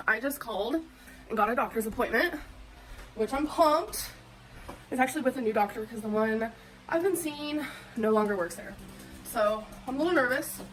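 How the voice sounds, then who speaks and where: A woman's voice: on the high side, fairly bright tone, slight background noise, low-quality recording. A stuffed-up woman chatting casually and giggling as she cooks in her home kitchen for a vlog. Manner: chatty, giggly, talks to viewers. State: congested from a cold. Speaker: vlogger. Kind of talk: casual cooking vlog chat.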